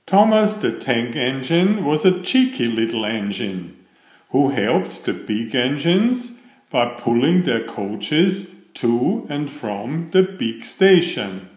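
A man narrating a children's picture book read-aloud in an unhurried storytelling manner. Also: mid-range voice, very animated, darkish tone. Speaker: storybook reader. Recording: echoey room.

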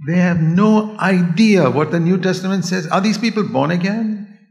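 An older man preaches a sermon in a fairly high voice, earnest and pleading. He moves from hushed asides to raised appeals. His voice rings through a large church hall with a long echo. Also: normal speed. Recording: echoey hall.

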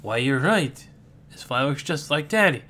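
A calm, gentle young mother who speaks softly and a little apologetically, as a man reading a comic puts her on. The tone is bright. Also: a little high, normal speed. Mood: surprised.

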